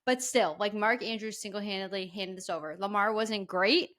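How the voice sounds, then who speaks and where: A woman's voice: medium pitch, moderate pace, fairly bright tone. Female co-host breaking down a game, emphatic, casual. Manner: apologetic then emphatic game analysis. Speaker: podcast co-host. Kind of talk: casual sports chat.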